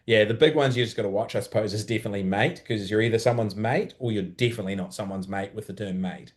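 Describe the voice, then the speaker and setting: A man hosting a podcast, explaining things plainly in a relaxed casual chat. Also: fairly low pitch, quick pace. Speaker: podcast host.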